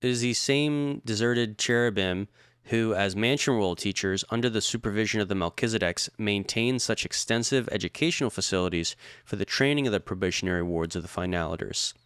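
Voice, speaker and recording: A man reads scripture-like passages aloud at a careful, measured pace. His voice sits fairly low and is smooth and resonant. The sound is close and dry. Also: a bit bright, dry recording. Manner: measured, careful reading with occasional restarts. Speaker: co-host reading the text aloud.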